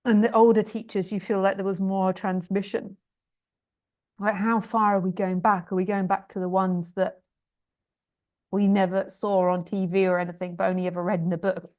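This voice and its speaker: A woman's voice: mid-range voice, little pitch movement, moderate pace, a little mellow. A woman spiritual teacher on a live stream, reading viewer questions aloud in a chatty, self-deprecating way, often laughing and stumbling over long sentences.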